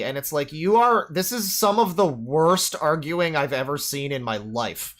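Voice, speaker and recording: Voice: mid-range voice, expressive, unhurried, hardly any pauses, fairly bright tone. A streamer reacting to a video during a live stream. The delivery is an exasperated, swearing rant, with many restarts and "like"s between points. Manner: profane, exasperated ranting.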